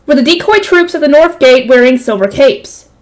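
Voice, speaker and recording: High-voiced woman reading a novel aloud. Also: animated, normal speed, low-quality recording. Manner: breaks off to react with exclamations and groans. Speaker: channel host reading a light novel aloud.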